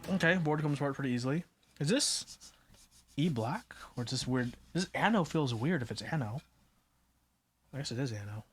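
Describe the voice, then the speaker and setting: A man talking his way through a hands-on job in a relaxed live-stream chat. He mutters puzzled asides to himself at a middling pitch, and soft music sits faintly behind him. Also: normal speed, long pauses. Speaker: streamer building a keyboard. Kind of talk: casual live-stream commentary.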